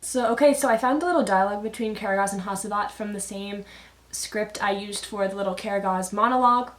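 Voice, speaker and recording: Speaking fast with a medium-pitched voice, a young woman student chats eagerly about her project. It's a casual explanatory video recorded in the echoey basement of a home.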